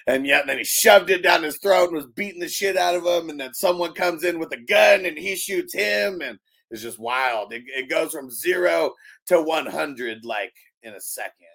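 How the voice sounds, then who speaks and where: A man co-hosting a podcast, retelling a movie in a casual, animated way, laughing often and swearing freely. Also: on the high side, moderate pace, gravelly. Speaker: podcast host.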